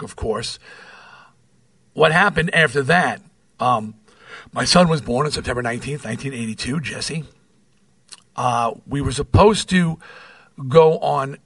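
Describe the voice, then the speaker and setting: A middle-aged podcast host from New York reads his memoir aloud and recounts rock stories, wry and profane, breaking off the page for asides as an animated storyteller. His medium-pitched voice is husky with vocal fry, and there's no room sound.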